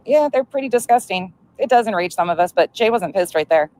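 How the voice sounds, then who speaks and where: A woman's voice: mid-range voice, lively intonation, a little fast, a little mellow. A woman hosting a commentary stream, answering played clips with blunt, sarcastic retorts. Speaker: commentary channel host.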